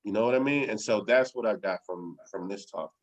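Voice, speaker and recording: A male podcast guest speaks calmly and thoughtfully. His voice sits on the low side. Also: fairly quick, poor audio. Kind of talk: casual podcast discussion.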